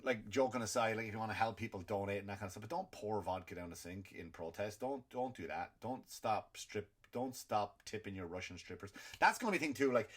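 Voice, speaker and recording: Ranting in loose stand-up fashion, the Irish host of a comedy podcast lurches between loud outbursts and muttering under his breath. He frequently restarts and repeats words.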